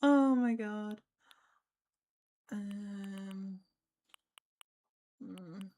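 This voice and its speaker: A woman livestreams a cozy life-sim game, chatting casually and thinking aloud with plenty of ums. Her medium-pitched voice is mellow and extremely slow, with slight background noise.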